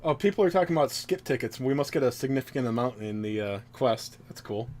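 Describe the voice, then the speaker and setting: A man in his thirties chats with a fellow streamer, rambling and poking fun at himself, his sentences full of ums and uhs. His voice sits at an average pitch. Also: expressive, fast, darkish tone, a little hiss or hum. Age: 30s. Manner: rambling and self-deprecating, full of fillers. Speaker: game streamer. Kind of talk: casual chat.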